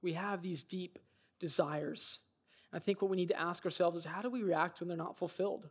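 A man's voice: sits high, brisk. A man preaching a sermon, earnest and reflective, telling stories and speaking in quoted voices. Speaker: pastor.

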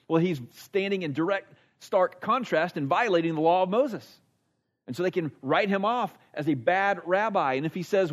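A man's voice: fairly high pitch, a little fast. A man in his forties preaching a sermon in an earnest, conversational way, repeating phrases for emphasis. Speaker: pastor. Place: church service.

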